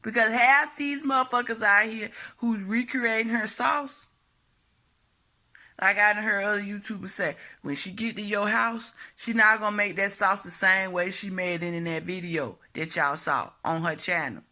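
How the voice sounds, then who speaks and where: A woman's voice: medium pitch, moderate pace, sharp tone. A woman vlogging a blunt, profane opinion monologue to camera, hammering her points home by repeating them.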